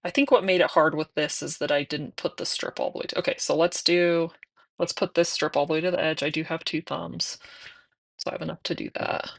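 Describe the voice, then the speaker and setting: A young adult woman chatting casually while doing her nails, now and then slipping into soft whispers. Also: low-pitched, steady tone, brisk, gravelly. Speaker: nail vlogger.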